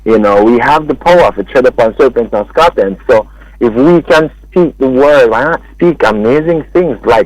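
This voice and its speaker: A man's voice: mid-range voice, normal speed, dry recording, poor audio. A man with a Jamaican accent, a music producer talking as a guest in a casual radio interview, telling stories animatedly and acting out what others said. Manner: animated storytelling that acts out quoted speech. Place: radio studio.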